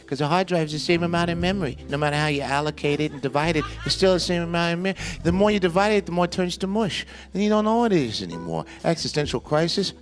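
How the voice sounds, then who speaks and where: A comedian performing a playful spoken-word comedy poem live on stage, with rhythmic chanted repetitions. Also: male voice, on the high side.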